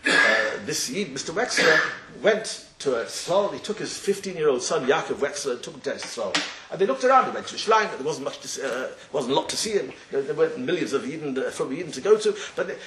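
A man a fairly high voice tells a Torah story in full of words, talking in quick bursts. He rambles, repeats himself and acts out what the characters say. The room is echoey, a faint hiss behind him. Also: a bit bright. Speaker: rabbi giving a talk.

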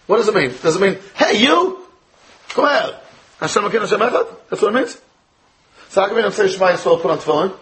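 In this rough recording with slight background noise, a high-voiced American man teaches a Torah class as a rabbi. He throws rhetorical questions at his students and mixes in Hebrew and Yiddish words.

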